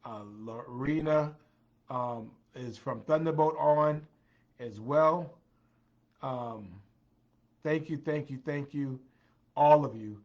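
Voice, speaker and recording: A tired man chats on a livestream at a mid pitch and thanks viewers one by one. He leans on repetition, circling back to the same few phrases. The audio is dull and lo-fi. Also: slow, pauses often. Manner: greets viewers by name, repeats phrases. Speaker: livestream host. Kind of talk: casual livestream chat.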